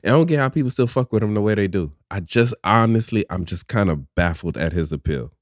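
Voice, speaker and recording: A man's voice: on the low side, animated, fast, no echo, clean studio sound. A man co-hosting a podcast, talking casually in an opinionated, playful way. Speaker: podcast co-host. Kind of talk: casual chat.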